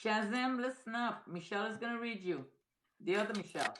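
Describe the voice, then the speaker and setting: A woman's voice: mid-range voice, expressive, fast talker, background noise. A middle-aged woman co-hosting a live stream, calling out viewers by name and place in a scattered, apologetic way. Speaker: co-host calling out viewers' names. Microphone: phone.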